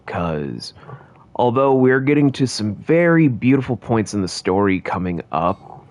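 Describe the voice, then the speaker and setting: A man's voice: on the low side, sing-song, a little slow, darkish tone, no room sound. A man streaming a game, chatting casually to viewers in a rambling, jokey way. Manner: rambling and jokey, talking to chat. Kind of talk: casual gaming commentary.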